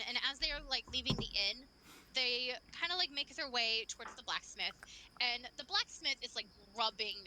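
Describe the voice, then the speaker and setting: A woman's voice: fairly high pitch, pushed and bright, a little hiss or hum. A woman narrating a tabletop game as game master, loose and chatty, full of "like".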